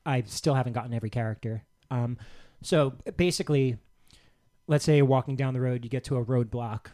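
A man's voice: medium pitch, fairly quick, mellow. A man on a casual podcast, eagerly explaining a game with small restarts. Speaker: podcast co-host. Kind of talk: casual chat.

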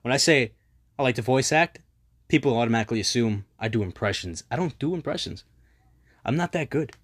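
A man's voice: mid-range voice, animated, a little fast, slightly rough. A young man rambling in a casual solo monologue, self-deprecating and swearing freely, his voice a little strained.

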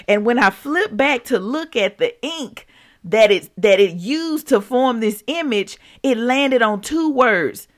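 A woman's voice: fairly high pitch, a bit bright. A woman hosting a podcast, sharing a personal faith testimony in an emotional, exclamatory way and calling out to her listeners. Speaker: podcast host. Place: home.

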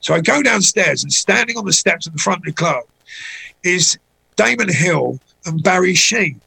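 A middle-aged man spins anecdotes in a casual chat, his voice rough and gravelly with a husky edge. He sits a little high for a man. He jumps into the voices of the people in his stories. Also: normal speed, rough recording. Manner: anecdotal, animated when voicing people in stories. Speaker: guest.

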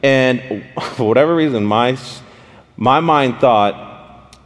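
A man preaching a casual, story-driven sermon, animated and speaking straight to his listeners with questions. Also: mid-range voice, slow. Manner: animated, addresses the audience directly with questions. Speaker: pastor. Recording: long hall reverb.

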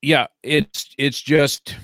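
A man's voice: mid-range voice, flat delivery, extremely slow, fairly bright tone. A man in his fifties who runs a martial arts school talks through old memories in a loose, rambling way. He restarts his sentences and stumbles over repeated words. His voice sits mid-range, and the recording is dry with no room echo. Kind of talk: casual conversation, storytelling.

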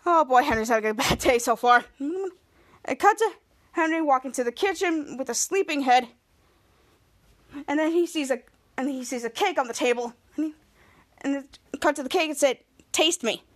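A woman's voice: high-pitched, moderate pace, long pauses. A woman podcast host giving a casual, rambling run-on recap of a TV episode. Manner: rambling, run-on narration with many restarts and giggles.

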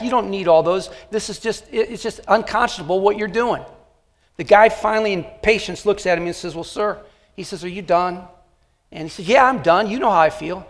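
A high-pitched man preaches a sermon in a nearly empty church, talking to the camera in a loose, conversational way full of fillers and asides. His voice rings out with a long hall reverb. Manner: conversational, joking, with many fillers. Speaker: pastor.

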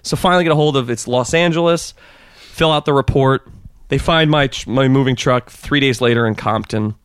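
A man in his thirties, a podcast guest, telling a story in a fast, animated way with many restarts. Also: mid-range voice, smooth, dry recording, clean studio sound. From Southern California. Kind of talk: casual storytelling.

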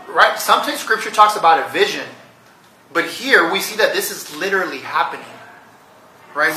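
A man's voice: on the high side, sharp tone, recorded from a distance, slight background noise. Earnest man preaching in an echoey room. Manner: earnest teaching with rhetorical questions. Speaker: pastor. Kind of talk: sermon.

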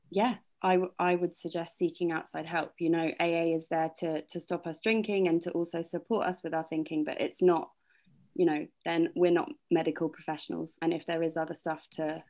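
Chatty young woman co-hosting a podcast. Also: fairly low pitch. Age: young adult. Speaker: podcast co-host. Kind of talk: casual podcast chat.

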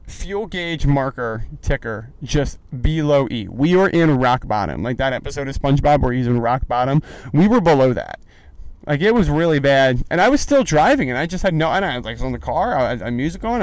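A man's voice: mid-range voice, a little fast, a little hiss or hum. A young man hosting a casual solo podcast, rambling through stories with lots of fillers. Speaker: podcast host. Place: in a car on the road.

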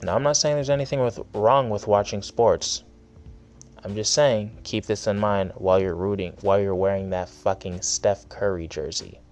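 A young man rants angrily on his own solo podcast, swearing heavily in a casual, heated way. His voice is fairly low and a little mellow, with a steady tone at normal speed.

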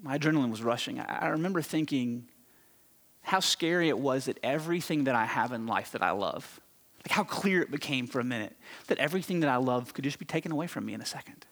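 A man preaching a sermon as a pastor, telling a story in an animated, self-mocking way with quick restarts. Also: medium pitch, in a large hall. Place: church sanctuary.

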